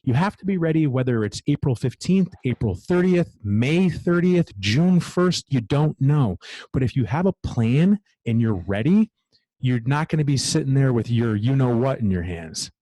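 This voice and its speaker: A man's voice: mid-range voice, animated, normal speed, mellow, dry recording. A man who owns a gym, talking in a casual podcast interview in a blunt, driven way and swearing freely. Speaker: gym owner, guest.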